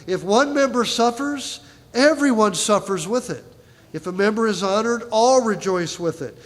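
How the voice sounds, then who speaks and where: High-voiced preacher in a reverberant church. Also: male voice, expressive, normal speed. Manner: conversational preaching with frequent "right?" asides to the congregation. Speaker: pastor. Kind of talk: sermon. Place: church sanctuary. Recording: long reverb of a large hall.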